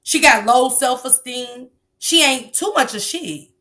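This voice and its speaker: On her livestream, a middle-aged woman delivers a blunt, profane, preachy but casual lecture on parenting. She has a high-pitched, animated voice with a sharp tone, taking her time as she talks.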